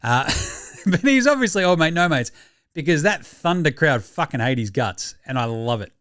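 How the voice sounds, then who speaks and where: A young Australian man talking sport in loose, sweary banter, breaking into laughs. His voice sits a touch high for a man. The sound is dry and close, with no room around it. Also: sing-song, normal speed, fairly bright tone, clear, resonant tone, dry recording. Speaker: podcast host. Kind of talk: casual sports commentary.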